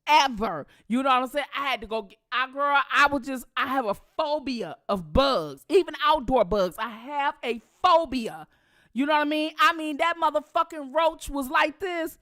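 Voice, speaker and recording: Woman, middle-aged vlog host, high and bright, telling a story full of cursing. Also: moderate pace. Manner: animated, profane, laughing storyteller addressing viewers as y'all. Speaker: channel host. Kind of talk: casual storytelling to viewers.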